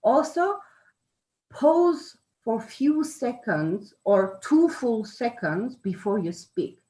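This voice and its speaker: A woman's voice: on the high side, big pitch swings, slow, warm tone. A woman giving an informal talk, explaining with many fillers and self-corrections. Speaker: speaker on charisma. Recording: echoey room.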